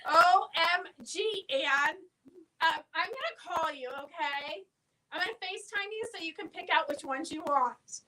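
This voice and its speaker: Chatty woman host, high and bright, reading viewer comments on a live sale. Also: animated, moderate pace, low-quality recording. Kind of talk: casual live-stream sales chat.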